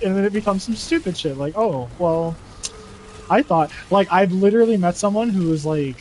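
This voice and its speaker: A man with a fairly high-pitched voice rants in casual chat about online gaming. He talks in heated bursts, swearing often and darting from one tangent to the next. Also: animated, normal speed, darkish tone, slight background noise, low-quality recording. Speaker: gamer.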